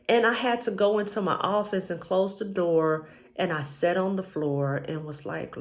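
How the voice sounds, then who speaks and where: Her voice sits in the mid range and moves at a moderate pace. A married mother vlogging about her faith, she tells her personal testimony loosely, rambling and saying um often.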